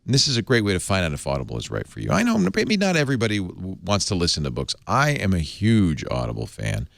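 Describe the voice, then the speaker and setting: A man's voice: deep voice, wildly swooping pitch, quick pace, vocal fry, no room sound, clean studio sound. A man hosting a tech talk show, reading an ad in an enthusiastic, chatty, rambling way. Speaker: podcast host.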